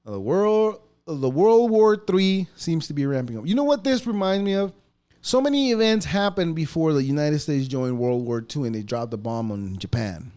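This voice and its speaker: Lively high-voiced man ranting on a podcast. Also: moderate pace, smooth. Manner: profane, mocking, animated ranting with laughs. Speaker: podcast host. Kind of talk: casual podcast rant. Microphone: podcast mic.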